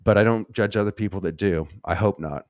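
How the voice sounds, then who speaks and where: A man with a very low voice hosts a casual live Q&A, reading out viewers' questions and answering them. He talks bluntly and swears freely, wandering through his points. The sound is dry and close. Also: fairly quick, clean tone, no room sound. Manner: blunt, rambling and profane.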